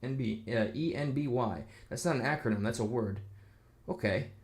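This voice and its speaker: A man's voice: mid-range voice, normal speed. A man giving a casual reaction rant, rambling and sarcastic, reading online comments aloud with mocking voices. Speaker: video commentator.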